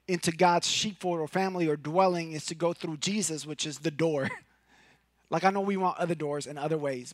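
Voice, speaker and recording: Pastor from Puerto Rico, male, high-pitched, dry close sound, animated loud-to-hushed sermon delivery. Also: dry recording. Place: church sanctuary.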